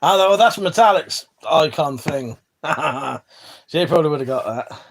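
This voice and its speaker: With a weapon collection hanging on the wall behind him, this English livestream host reads chat and chats casually with his audience. He speaks unhurriedly in a fairly high, expressive voice, cursing liberally and trailing off as he rambles and interrupts himself.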